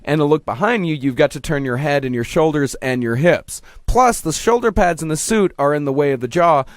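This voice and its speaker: A man's voice: on the high side, lively intonation, fairly quick, no echo, clean studio sound. A man hosting a podcast, reading his notes aloud in a casual chat and often stumbling over words. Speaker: podcast host.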